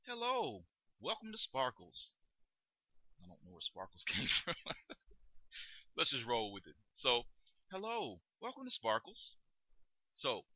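A man hosting a podcast lesson on communication, speaking deliberately and stressing key words as he explains. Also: on the low side, bright, forceful tone, dry recording, lo-fi sound. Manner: deliberate, emphatic, stretches key words for demonstration. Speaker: podcast host teaching communication skills. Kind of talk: instructional podcast talk.

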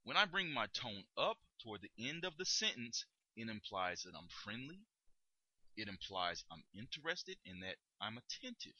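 A low-pitched man with a strikingly bright, forceful tone teaches communication on his podcast. His delivery swings widely in pitch and slows to lean on key words. The sound is dry and close to the mic. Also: sing-song, dry recording, muffled recording. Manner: deliberate, emphatic, stretches key words for demonstration. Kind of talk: instructional podcast talk.

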